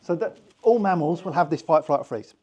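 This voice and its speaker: The recording is muffled, carrying a fairly high, darkish male voice with lively intonation that runs a little fast. In a British accent, he teaches hypnosis to a small group in an informal, chatty manner, acting out little voices in his examples.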